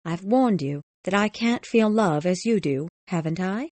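A man reading a storybook aloud, voicing a cold, proud young woman who speaks calmly and coolly. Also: sits high, measured pace, no echo, voice pushed up. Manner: calm, cool, detached.

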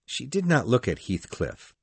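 Guy reading a storybook, kinda husky, lively pitch, dry close sound. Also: dry recording. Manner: measured, expressive. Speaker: narrator.

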